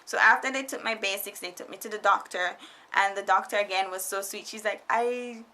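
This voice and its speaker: A young woman casually telling a storytime vlog, animated and laughing often, quoting people in put-on voices. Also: medium pitch, brisk. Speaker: vlogger. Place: foreigner living in Japan.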